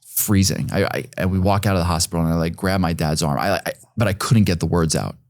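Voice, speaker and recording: A man's voice: low voice, fast talker, a little mellow, no room sound, studio quality. A man in his forties, a podcast guest, telling a personal story in a rambling, casual way, full of fillers and some swearing.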